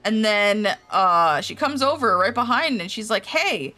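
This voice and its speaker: A woman's voice: mid-range voice, lively intonation, a little slow, sharp tone. A young woman streamer casually recapping game quests, rambling and swearing freely with lots of "like".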